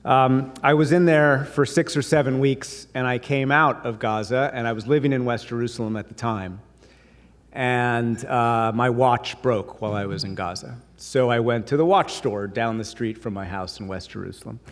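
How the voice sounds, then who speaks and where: A man with a voice of medium pitch tells stories at a dinner in a conversational, anecdotal way, with a light touch of humor. His voice rings out into a large hall with long reverb trailing each phrase, caught by a lectern mic. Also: normal speed. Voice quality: voices others in quoted bits. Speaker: speaker at a dinner. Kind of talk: anecdotal speech.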